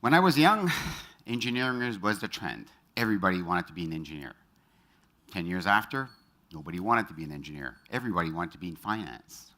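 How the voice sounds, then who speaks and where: Speaking in a low, sing-song voice with a sharp tone, a middle-aged man gives a motivational talk to a live audience from the stage. He tells personal anecdotes and engages listeners with quick show-of-hands questions.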